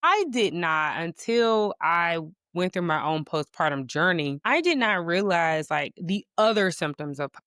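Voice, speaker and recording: A woman hosting a podcast in casual talk, chatty and quick to affirm her guest. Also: on the low side, lively intonation, a bit bright, no room sound, studio quality. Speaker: podcast host. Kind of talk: casual conversation.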